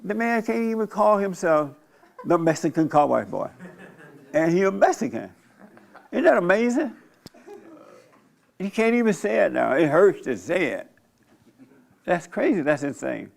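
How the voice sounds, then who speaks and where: Brief: older male pastor, gravelly raised voice, blunt and provocative, informal church talk. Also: high-pitched, sing-song, moderate pace, long pauses. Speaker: pastor and show host.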